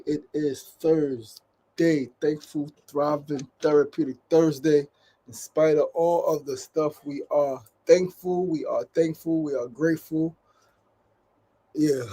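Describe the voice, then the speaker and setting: A man hosts his daily show, giving casual motivational talk full of upbeat repeated phrases and frequent "right?" tag questions. His voice is on the high side and mellow.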